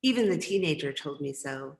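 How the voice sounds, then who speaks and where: A woman's voice: low-pitched, animated, a little fast, vocal fry, echoey room. A woman poet reading her poems, with chatty, rambling asides between them. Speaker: poet and professor. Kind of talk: poetry reading with casual asides.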